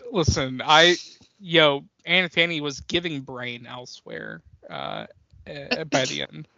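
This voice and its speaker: A young man with a slightly high voice co-hosts a movie podcast in loose, animated chat. He rambles, swears freely and breaks into laughter. The sound is dry and a little muffled. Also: slow pace, gravelly, no room sound. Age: young adult. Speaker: podcast co-host.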